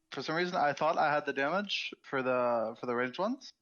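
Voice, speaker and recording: A man's voice: on the high side, lively intonation, brisk, a bit bright, highs cut off. A man being coached explains his in-game choices, speaking hesitantly in a casual conversation.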